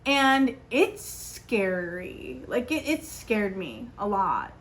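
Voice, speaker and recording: A young woman hosting a podcast, telling a story in a chatty, animated way with lots of fillers. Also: mid-range voice, extremely slow. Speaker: podcast host. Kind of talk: casual solo podcast chat.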